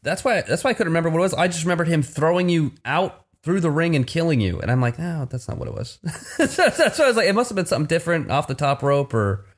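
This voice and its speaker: A man's voice: a little high, expressive, fast. A man hosting a podcast in casual chat, laughing and loose as he hands off questions. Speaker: podcast host.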